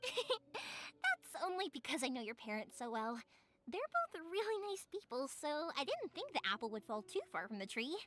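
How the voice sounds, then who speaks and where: A woman's voice: high-pitched, sing-song, normal speed, no room sound, soft background music. A young woman voicing a cheerful, talkative fireworks maker in a game. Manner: bubbly, talkative and warm-hearted. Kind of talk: game dialogue.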